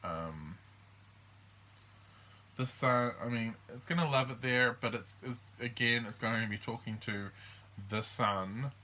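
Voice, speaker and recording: A man's voice: medium pitch, bright, forceful tone. A man hosting a casual astrology walkthrough, rambling and hesitant with many ums and restarts. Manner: acts out the signs in quick quoted voices. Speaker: astrology host.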